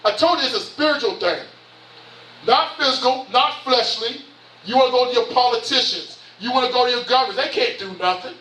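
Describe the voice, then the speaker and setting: A bishop in his fifties with a Southern accent preaches a sermon in an impassioned, repetitive style full of rhetorical questions. His voice is high and bright. He's in a church sanctuary, heard from far off amid the echo.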